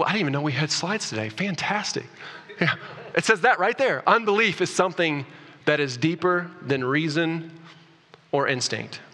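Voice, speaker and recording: A man preaching a sermon as pastor, animated, rising loud for emphasis and restarting his words. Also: mid-range voice. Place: church sanctuary. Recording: long reverb of a church hall.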